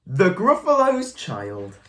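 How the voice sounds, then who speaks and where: Low-voiced encouraging woman teacher. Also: wildly swooping pitch, slow pace, fairly bright tone. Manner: encouraging, praising, coaxing questions. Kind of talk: reading a picture book aloud to children.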